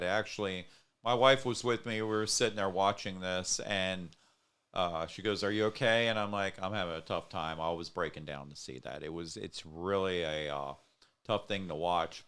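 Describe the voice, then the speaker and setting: A man's voice: deep voice, fairly bright tone, clear, resonant tone. A man hosting a casual talk show, speaking earnestly and at length straight to his viewers. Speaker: show host.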